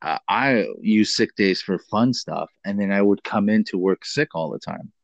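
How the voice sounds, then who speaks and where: A man's voice: fairly low pitch, moderate pace, vocal fry, no echo. Male co-host, rambling profane storyteller, dry close sound, slightly dull. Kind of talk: casual chat.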